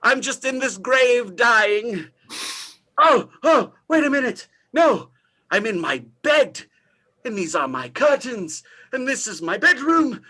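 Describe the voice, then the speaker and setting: An actor improvising a greedy, remorseful old miser on a live stage, theatrical and overwrought. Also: male voice, extremely high pitch, big pitch swings, takes it slowly, bright, forceful tone, full character voice. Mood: frantic.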